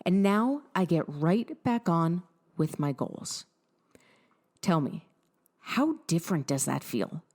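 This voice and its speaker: A woman's voice: fairly low pitch, sing-song, slow, pauses often, a little mellow. A young adult woman hosting a motivational podcast, coaching the listener directly in an upbeat, encouraging way. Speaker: podcast host, fitness and mindset coach.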